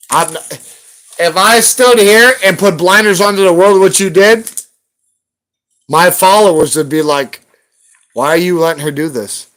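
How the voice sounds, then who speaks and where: A man's voice: a little high, a bit bright. A man on a live stream, ranting heatedly at someone and cursing constantly in a confrontational way. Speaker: livestreamer hunting for rare banknotes.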